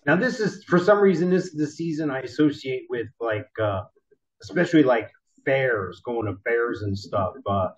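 A man chatting casually with a friend, spinning animated stories and swearing as he goes. His voice sits at an ordinary pitch. The recording is a little dull and lo-fi. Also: moderate pace. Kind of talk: casual chat. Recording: slightly dull lo-fi sound.

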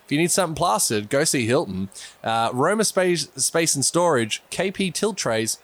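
A man's voice: a little high, expressive, moderate pace. A man doing casual, chatty co-commentary on a simulated cricket match. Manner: loose and chatty, with fillers and laughs.

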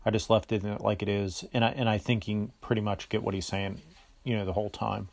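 A man hosting a podcast, giving a relaxed, joking introduction. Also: fairly low pitch, brisk, creaky. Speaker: podcast host.

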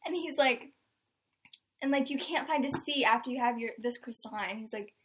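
A woman's voice: on the high side, moderate pace, fairly bright tone, a little hiss or hum. A young woman hosting a casual podcast chat, telling stories with dramatic flair. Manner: chatty, dramatic storyteller. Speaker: podcast host.

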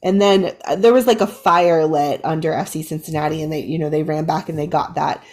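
A woman co-hosting a casual sports podcast, animated and full of "like" fillers, her voice a bit raspy from recent illness. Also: sits low, a little fast. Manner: animated fan, many "like" fillers. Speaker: podcast co-host. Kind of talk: casual chat.

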